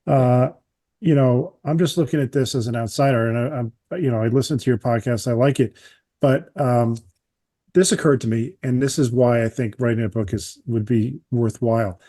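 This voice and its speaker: Male podcast host; measured, earnest, warm tone. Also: medium pitch, no echo, clean studio sound. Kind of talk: casual interview chat.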